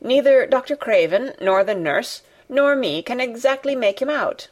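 A woman's voice: on the high side, lively intonation, moderate pace, pitched above the performer's own voice. A woman reading the part of a flustered, fussy middle-aged housekeeper who explains breathlessly to her master. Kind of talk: audiobook character reading.

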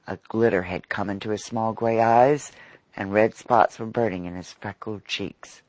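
A man narrating an audiobook story in an expressive, dramatic manner. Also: lowish voice, moderate pace, no room sound.

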